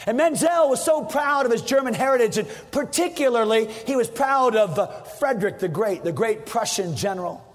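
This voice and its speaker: A man preaching a fiery sermon as pastor, repeating his points, swinging from shouts down to hushed tones. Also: very high-pitched, lively intonation, normal speed, few pauses. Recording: long hall reverb.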